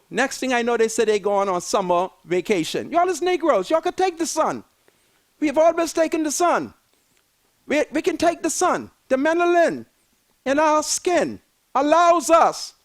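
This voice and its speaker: Older Bahamian man, very high and swooping voice, fiery repetitive political commentator. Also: a bit bright. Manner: emphatic, repetitive, preachy.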